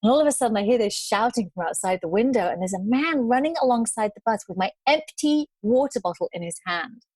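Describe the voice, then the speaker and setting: A woman guest on an interview show, telling travel stories in a lively way and acting out the people she met. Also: on the high side, quick pace, few pauses, husky, no echo. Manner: animated storyteller, acts out quoted voices. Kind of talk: storytelling interview.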